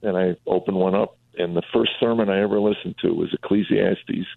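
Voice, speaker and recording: A man's voice: low voice, steady tone, fairly quick, vocal fry, no room sound. A middle-aged comedian telling his life story on a radio talk show, acting out the voices of people he quotes. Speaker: comedian and author guest. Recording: tinny phone line.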